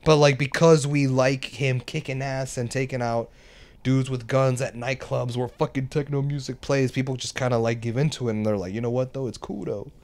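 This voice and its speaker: A man's voice: medium pitch, little pitch movement, normal speed, darkish tone. A man co-hosting a podcast, talking casually about a film with many fillers and some swearing. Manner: laid-back, filler-heavy, profane. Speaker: podcast co-host. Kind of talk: casual chat, movie review.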